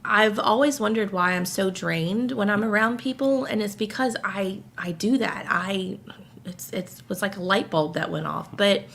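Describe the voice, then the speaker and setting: Woman podcast co-host, fry in the voice, emotional venting. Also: medium pitch, normal speed, fairly bright tone. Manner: emotional, venting, close to tears. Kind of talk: casual podcast chat.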